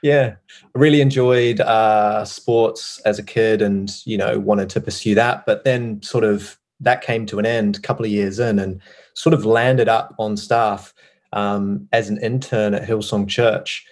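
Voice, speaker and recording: A man's voice: fairly low pitch, steady tone, measured pace, darkish tone. A man in his thirties, a former pastor, talking casually as a podcast guest, with many fillers and restarts. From United Kingdom. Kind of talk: casual interview conversation.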